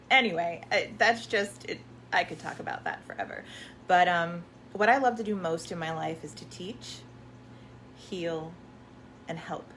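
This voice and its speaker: A woman's voice: on the low side, creaky, a bit bright, a little hiss or hum. A woman hosting a live question-and-answer stream, talking casually and rambling with many fillers and restarts.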